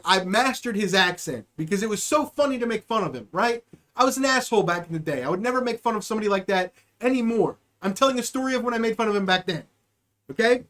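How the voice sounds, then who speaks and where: A man hosting a live show, telling a story in a loose, profane way, speeding up and then drawing his words out. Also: high-pitched. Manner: animated, profane, swings between quick and drawn-out. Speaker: podcast host. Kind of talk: casual storytelling.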